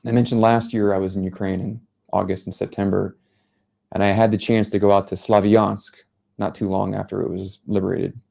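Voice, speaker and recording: A man from the United States in his thirties giving an earnest public talk as a journalist, telling a story in a measured way. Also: on the low side, level tone, vocal fry, warm tone. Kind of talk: public speech. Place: lecture venue.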